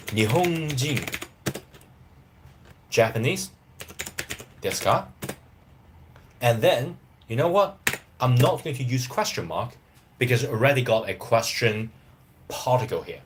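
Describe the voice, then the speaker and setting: A man teaching a casual live lesson, talking in a lively way and often asking "right?" as he goes. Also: mid-range voice, slight background noise. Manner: lively, repeats "right?" and "you know what?". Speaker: Japanese language teacher.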